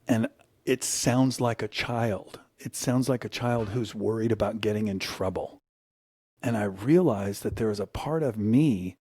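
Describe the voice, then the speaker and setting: His voice is lowish and warm, recorded with no room sound. The middle-aged American guest tells stories earnestly and reflectively in conversation, lifting his voice whenever he quotes.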